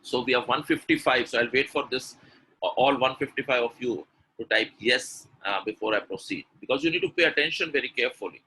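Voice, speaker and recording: A young man coaching pronunciation in a live webinar, his voice bright and forceful. He gets animated as he demonstrates words and answers viewers in the chat. A faint background hum sits under his voice. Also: mid-range voice, a little fast, rough recording. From India. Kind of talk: live online webinar teaching.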